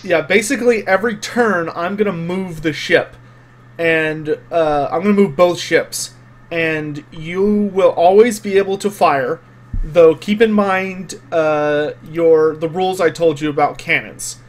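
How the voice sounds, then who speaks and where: A man's voice: a little high, measured pace. A man narrating as game master of an online tabletop game, describing the scene vividly with some fillers.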